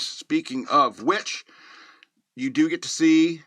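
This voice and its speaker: A man hosting a casual movie review show, rambling and joking, often laughing at his own remarks and slipping into quick mock voices for scenes. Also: on the high side, bright, forceful tone, dry recording. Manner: slips into quick mocking voices to act out scenes. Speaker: movie reviewer, podcast host.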